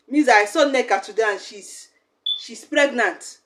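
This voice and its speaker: A woman's voice: a little high, moderate pace, fairly bright tone. A young woman, teaching a language lesson in a chatty, explaining way. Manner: chatty, acts out little quoted exchanges.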